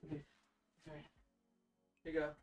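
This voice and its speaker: A man in his thirties on a casual livestream, reading chat questions aloud and answering them in a low-key, mellow way. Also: completely flat delivery, moderate pace, muffled recording, over music. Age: 30s.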